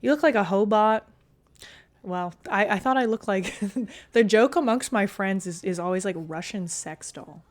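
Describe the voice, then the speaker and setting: A woman's voice: medium pitch, normal speed. Chatty young woman streamer. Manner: chatty and loose, full of "like", swears freely. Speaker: streamer reading chat. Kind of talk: casual chat with viewers.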